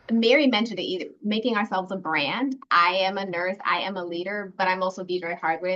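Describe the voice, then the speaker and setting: A woman's voice: fairly low pitch, fairly bright tone, dull audio. A woman alumna speaking earnestly and reflectively in a casual online panel, with many fillers. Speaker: program alumna. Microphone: video call.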